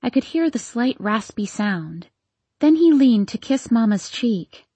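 A woman narrating a first-person story in a measured, expressive way, with a slightly breathy voice. The recording is close and dry. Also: fairly high pitch, no echo. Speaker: audiobook narrator.

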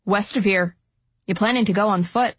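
A woman voicing a blunt, gruff male bus driver in an audiobook, who talks in short, clipped lines. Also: mid-range voice, normal speed, dry recording, close to an everyday voice. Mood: warning. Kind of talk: audiobook narration.

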